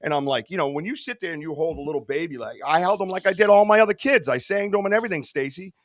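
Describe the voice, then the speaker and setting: A middle-aged man, a Bigfoot researcher appearing as a podcast guest, talks at a racing clip in a fairly high pitch. Earnest and rambling in the casual chat, he keeps throwing in "bro" and "dude," recorded dry with clean studio sound.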